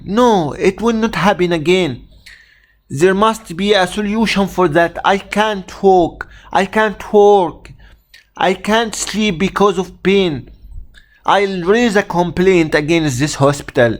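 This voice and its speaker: A man with an Egyptian accent acting out a furious middle-aged male patient who shouts in indignant, exasperated outbursts. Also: sits high, takes it slowly, pitched above the performer's own voice. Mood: angry.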